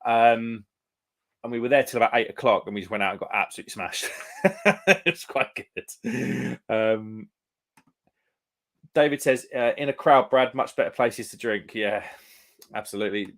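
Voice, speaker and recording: A man's voice: medium pitch, fast talker. A young man from England hosting a live stream, chatting casually and reading out comments, with a rambling manner full of "mate" and "um".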